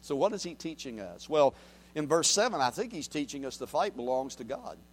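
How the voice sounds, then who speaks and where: A man preaching a sermon, reading scripture aloud and swinging from quiet, low murmurs to loud, raised declarations. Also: very animated, brisk. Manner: reads scripture aloud and asks the congregation to repeat. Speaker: pastor.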